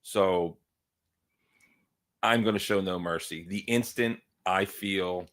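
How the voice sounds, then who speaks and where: A man co-hosting and producing a casual talk show, rambling and stopping often to clear his throat. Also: low-pitched, takes it slowly, fairly bright tone. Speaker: co-host and producer. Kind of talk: casual chat.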